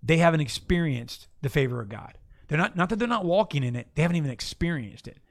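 Animated man preaching casually. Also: a little high, fast talker, no echo, clean studio sound. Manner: animated, preachy, playful asides. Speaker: podcast host and preacher. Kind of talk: casual faith talk.

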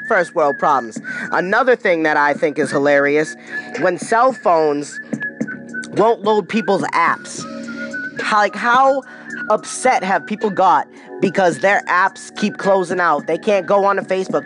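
A high-voiced man with an East Coast accent rants through a comedic monologue as the show's host, firing off rhetorical questions. He checks in with the listener over and over with "you know what I'm saying", while faint music plays underneath. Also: normal speed. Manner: animated, ranting, rhetorical questions. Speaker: show host.

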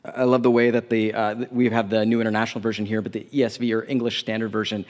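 A man's voice: fairly low pitch, little pitch movement, fast. A man pastor preaching a sermon in a conversational way, with casual asides to the congregation. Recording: long reverb of a large hall.

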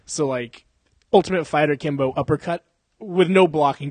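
A young man hosting a casual chat, swearing freely, laughing often and telling animated stories. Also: fairly high pitch, normal speed, dry recording. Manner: profane, laughing, animated storytelling. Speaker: podcast host.

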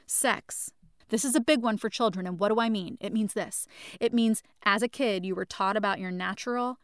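A woman's voice: medium pitch, clear, resonant tone, no echo, clean studio sound. A woman hosting a spoken lesson, talking emphatically and repeating key points while addressing listeners as friends. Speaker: podcast host teaching about mental health. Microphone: studio microphone.

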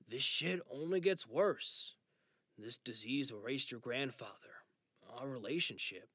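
An ailing father facing memory loss, calm and gently insistent, as a man voices him in an audiobook. His pitch moves a lot. The voice sits close and dry. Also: a little slow, dry recording. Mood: resolved, tender. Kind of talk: audiobook dialogue reading.

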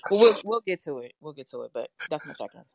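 A woman co-hosting a podcast, chatting casually through a morning check-in with lots of ums and pauses, a little nervous. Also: low-pitched, a crowd in the background. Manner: relaxed, halting with many ums. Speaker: podcast co-host.

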